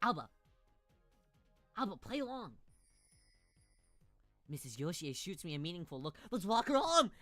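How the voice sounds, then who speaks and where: A woman's voice: very animated, normal speed, long pauses, fairly bright tone, soft background music. A woman streamer playing a visual novel, reading its lines aloud and joking around in a playful, giggly way. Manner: playful and giggly, jumps into sudden high squeals. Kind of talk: casual let's-play commentary, reading dialogue aloud.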